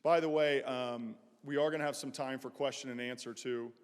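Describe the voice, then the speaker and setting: Man, former pro football player, motivational speaker, casual and direct, mid pitch, long chapel reverb. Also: fairly even intonation, moderate pace, clear, resonant tone. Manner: casual, direct, joking with the audience. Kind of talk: motivational chapel talk to students. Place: large college chapel. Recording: echoey chapel hall reverb.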